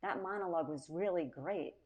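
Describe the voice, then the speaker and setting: Long Island woman, animated storyteller. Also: fairly low pitch, brisk. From Long Island, New York. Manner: animated storytelling, acts out quotes. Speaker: guest comedian. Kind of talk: casual chat.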